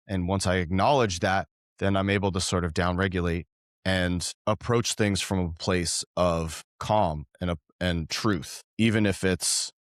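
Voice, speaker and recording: Low-voiced earnest man, dry sound. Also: no room sound. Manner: earnest, halting, with frequent restarts. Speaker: podcast guest. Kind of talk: reflective conversational storytelling.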